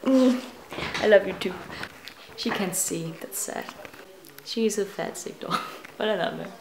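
A woman's voice: medium pitch, measured pace, background noise. A teenage woman with as her rambles through a casual home vlog in her bedroom. She giggles and corrects herself as she goes. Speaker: vlogger. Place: her own bedroom, indoors.

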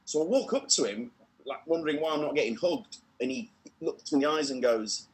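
A British comedian telling a story with a slightly high voice. It is animated and full of swings in pitch. He acts out the voices and laughs at his own tale as he goes. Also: a little fast. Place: online comedy show.

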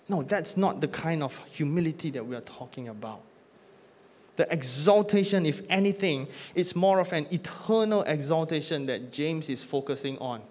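A male pastor delivering a sermon, building emphatic lists and then dropping to a hushed close at the end of each point. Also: fairly high pitch. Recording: long reverb of a church hall.

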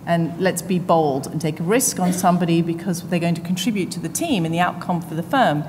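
A woman's voice: on the low side, fairly quick, darkish tone. A woman panelist speaking emphatically and telling anecdotes at a business conference, laughing often as she makes her points. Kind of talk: panel discussion. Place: conference hall. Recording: reverberant hall with faint noise.

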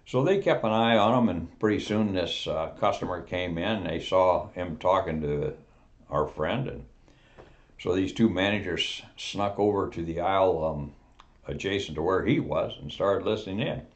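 A man's voice: sits low, moderate pace. Folksy older man telling a tall tale. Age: 70s. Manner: relaxed, digressive, folksy. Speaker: storyteller. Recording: dull lo-fi recording.

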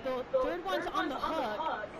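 A woman's voice: sits high, animated, takes it slowly, over a noisy crowd. A brash young woman playing a game with a friend, trash-talking and swearing a lot. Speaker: gamer. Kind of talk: casual gaming chat. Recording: heavy background noise.

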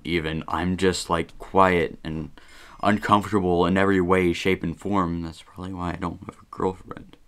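Low-voiced chatty teenage boy vlogger. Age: teens. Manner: chatty and rambling, self-deprecating. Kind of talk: casual vlog monologue.

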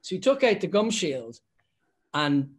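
A man with a slightly high-pitched voice tells stories in a relaxed podcast chat. He is lively and keeps restarting his sentences, repeating words as he goes. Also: unhurried. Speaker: former professional referee, podcast guest. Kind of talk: casual podcast chat, anecdotes.

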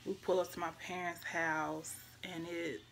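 A woman's voice: on the low side, little pitch movement, unhurried, a bit bright, slight background noise. A young woman, telling a personal story casually and emotionally, with her voice often dropping to near-whispers. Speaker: vlogger.

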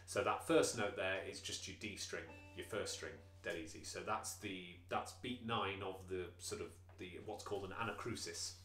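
A man with a fairly low voice talks through a banjo lesson at an easy pace, explaining step by step and counting out the rhythm. He fills his sentences with small ums and uhs. The room gives his voice a noticeable echo, and a banjo plucks faintly behind him. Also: normal speed, few pauses, faint music behind. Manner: relaxed, explains patiently, counts beats aloud, many fillers. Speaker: banjo teacher. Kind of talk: instrument tutorial.

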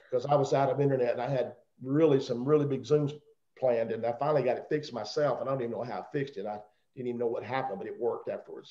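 A man's voice: mid-range voice, mellow. A middle-aged man with a Southern accent giving a rambling, joking motivational talk on a video call. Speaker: guest speaker on a company call. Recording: roomy, dull video call audio.

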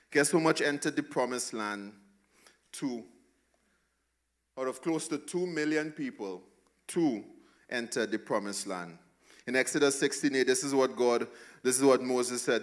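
A male pastor preaching a sermon, emphatic and repetitive, swinging between hushed and loud passages. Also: medium pitch, measured pace, pauses often.

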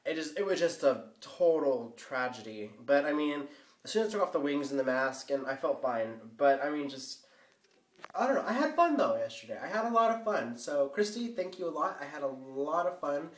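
A teenage boy vlogging a casual rant, rambling and filling every pause with "like" and "um". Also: fairly high pitch, lively intonation. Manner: rambling, full of "like" and "um". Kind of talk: casual ranting vlog. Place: bathroom floor. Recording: echoey bathroom, mic at a distance.

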